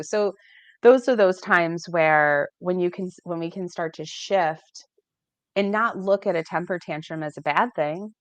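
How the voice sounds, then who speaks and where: Casual american lady chatting on a video call, lively, acts out quotes, lowish voice. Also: unhurried, no room sound, highs cut off. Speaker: guest life coach. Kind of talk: casual chat.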